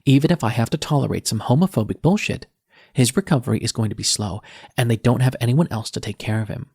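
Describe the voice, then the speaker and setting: A man with a gravelly, husky voice reads a first-person audiobook, weary and reflective. The recording is dry and close. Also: medium pitch, fast talker, a little mellow, no echo. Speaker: audiobook narrator.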